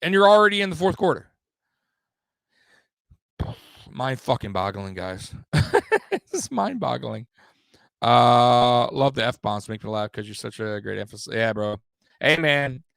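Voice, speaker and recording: Young male live-stream sports host: profane, rambling, middle-pitched, dry sound. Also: big pitch swings, a little slow, gravelly, long pauses, clear, resonant tone, no room sound. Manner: profane, swearing freely; rambling, with restarts and loud bursts.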